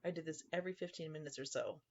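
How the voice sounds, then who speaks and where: A man's voice: a little high, fairly even intonation, fast, darkish tone, lo-fi sound. A man narrating a scripted first-person horror story in a dry, sarcastic tone.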